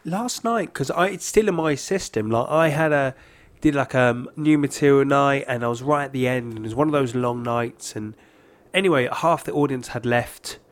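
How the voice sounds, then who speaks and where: A man, a stand-up comedian, chatting casually and telling stories in an animated, rambling way. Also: medium pitch, normal speed. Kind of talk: casual podcast chat.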